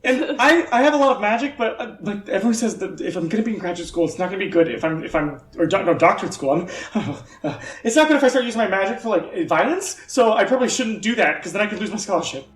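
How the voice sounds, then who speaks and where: A man's voice: sits high, expressive, fast talker, hardly any pauses. Man as jittery young student mage. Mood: anxious. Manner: anxious, rambling, pleading. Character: nervous young male doctoral student mage. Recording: echoey room, distant mic, faint music.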